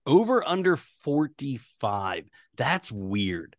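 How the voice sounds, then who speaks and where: Man, sports podcast co-host, lively delivery, dry sound, chatty, filler-heavy. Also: medium pitch, takes it slowly, dry recording. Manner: conversational, stats-heavy, many fillers. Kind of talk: casual sports podcast chat.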